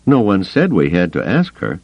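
A man voicing a gruff, sardonic middle-aged smuggler pilot who growls his blunt remarks, in an audiobook. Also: low voice, wildly swooping pitch, moderate pace, no echo, highs cut off, pitched above the performer's own voice, exaggerated voice. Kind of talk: audiobook character voice.

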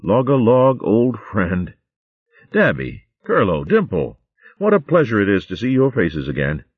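A man doing a calm, steady warrior mouse. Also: fairly low pitch, a little slow, slightly rough, no room sound, voice pushed up, heavily acted. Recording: phone-like dry audio.

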